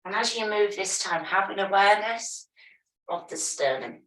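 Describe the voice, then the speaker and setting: A woman teaching a yoga class, giving calm, step-by-step movement and breathing cues. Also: mid-range voice, moderate pace. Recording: echoey room, voice from a distance.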